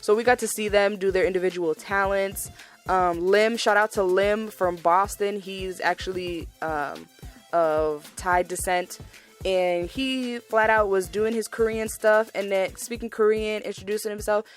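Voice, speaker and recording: A woman's voice: mid-range voice, steady tone, unhurried, faint music behind. A young woman hosting her podcast, chatting casually and gushing, repeating words for emphasis. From Massachusetts, USA. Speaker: podcast host. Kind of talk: casual solo podcast recap.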